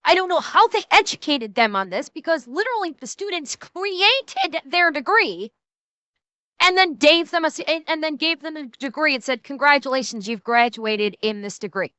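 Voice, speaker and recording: A woman streamer chatting casually and reacting to clips, animated and jokey, repeating herself as she goes. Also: high voice, moderate pace, no room sound.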